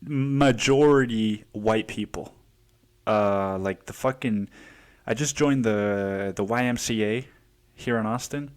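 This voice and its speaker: A man's voice: lowish voice, slow. A man hosting a casual solo podcast, profane and rambling, laughing often and out of breath as he talks. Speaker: podcast host.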